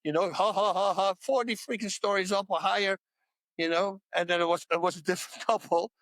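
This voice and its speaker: A man who is a podcast guest, telling animated stories in casual chat, laughing mid-sentence and restarting words as he goes. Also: high-pitched, brisk, no echo.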